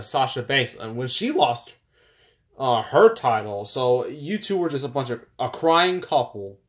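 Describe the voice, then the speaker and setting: Cocky, whiny male wrestler, voiced by a man, fan parody, plain mid voice. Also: medium pitch. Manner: boastful, needling trash talk. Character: arrogant male pro wrestler, boastful and whiny.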